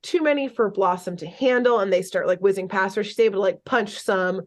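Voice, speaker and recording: A young woman co-hosting a podcast, talking through a cartoon episode with lively, chatty energy. Her voice sits at a middle pitch, and she drops swear words casually as she goes. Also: brisk. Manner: animated, chatty, swears freely. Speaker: podcast co-host.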